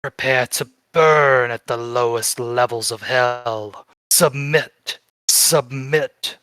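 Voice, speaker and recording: A man's voice: mid-range voice, slow pace, sharp tone, clean tone, no echo. A man voicing a menacing cult executioner. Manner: chanting, speaking in three voices.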